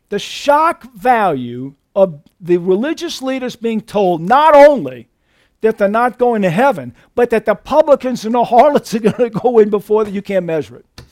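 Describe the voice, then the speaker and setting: A man preaching a sermon to a church congregation, emphatic, swinging between loud outbursts and hushed asides. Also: sits high, no echo, clean studio sound. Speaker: pastor. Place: church sanctuary.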